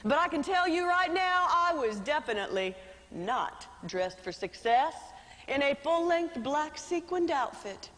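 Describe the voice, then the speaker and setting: Animated high-voiced woman telling a story on stage. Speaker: motivational speaker. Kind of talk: storytelling speech to a live audience. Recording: reverberant hall.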